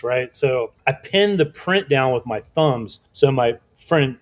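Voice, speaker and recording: A man telling a lively story as a guest in an interview, casual and swearing often, acting out other people's voices. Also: a little high, normal speed, hardly any pauses. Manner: animated, swearing, acts out quoted voices. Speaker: guest artist.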